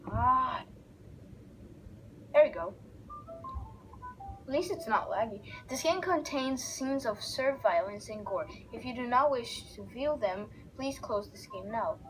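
A woman giving excitable let's-play commentary, reacting loudly and narrating the action on screen. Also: a little high, measured pace, long pauses, a little hiss or hum, low-quality recording. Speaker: gaming video creator.

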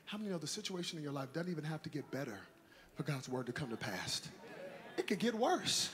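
A man preaching a sermon in a church, animated and shouting in a sing-song cadence with comic asides. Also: a little high, quick pace, a crowd in the background, background noise. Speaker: pastor. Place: church sanctuary.

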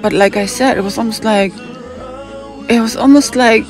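A woman's voice: on the high side, normal speed, pauses often, faint music behind. A woman from Hamburg with a German accent telling a rambling personal story, drifting off on tangents and acting out what other people said. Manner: digressive, acts out other people's lines.

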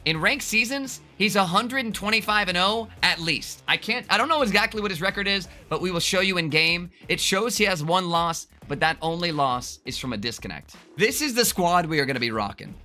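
A man giving excited, joking gameplay commentary with crude trash talk and bursts of yelling. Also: high voice, a little fast, few pauses. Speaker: gaming video creator.

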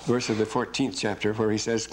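A man's voice: on the low side, flat delivery, fairly quick, a little hiss or hum. A man giving a classroom scripture lecture. He reads verses aloud with emphasis, then rambles and corrects himself while hunting for verse numbers.

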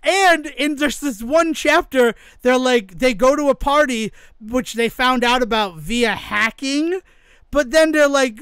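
High-pitched guy on a podcast, laughs a lot, acts out little dialogues, smooth dry voice. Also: unhurried, dry recording. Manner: animated, laughs often, acts out quoted exchanges. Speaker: podcast co-host. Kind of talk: casual chat.

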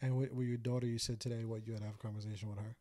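A man's voice: medium pitch, little pitch movement, rapid-fire, dark tone, no echo. A man hosting a podcast, chatting in a loose, slangy way. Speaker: podcast host. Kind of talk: casual podcast chat.

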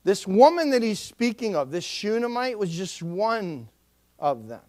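High-voiced emphatic man preaching. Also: very animated, unhurried, darkish tone. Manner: emphatic preaching, calls on the congregation to respond. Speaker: pastor. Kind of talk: sermon.

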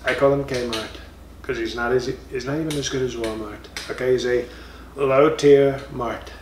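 A man's voice: medium pitch, fairly even intonation, normal speed, darkish tone, far from the mic, slight background noise, natural voice. A man doing a comic impression of a blustering former president in a boastful, rambling monologue full of insulting nicknames, recorded in a roomy space.

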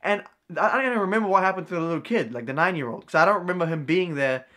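A man's voice: fairly high pitch, lively intonation, racing, pushed and bright. Slangy young man telling a story. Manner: slangy, full of fillers and "bro". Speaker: vlogger and card magician. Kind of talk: casual storytelling to camera.

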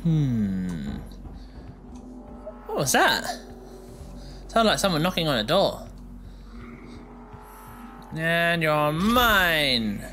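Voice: medium pitch, sing-song, extremely slow, pauses often, pushed and bright, slight background noise. A gamer giving let's play commentary, joking, swearing freely and talking back at the enemies on screen. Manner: joking, talks to the enemies and the game. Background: game music.

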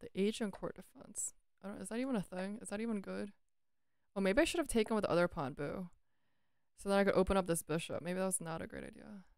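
A woman's voice: medium pitch, quick pace, a little mellow, smooth, no echo. Female chess streamer, casual self-talk, clean dry voice. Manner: chatty, self-talking, swears playfully; breaks into sung lines.

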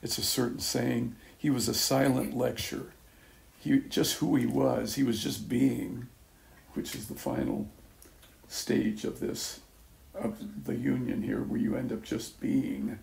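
An older man giving a casual spoken testimony to a small church group, rambling and halting with many restarts and soft chuckles. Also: medium pitch, vocal fry. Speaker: speaker at a church gathering.

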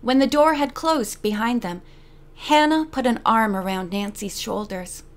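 A woman narrating a mystery novel for an audiobook in a steady storytelling manner. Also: on the high side, measured pace. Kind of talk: scripted narration.

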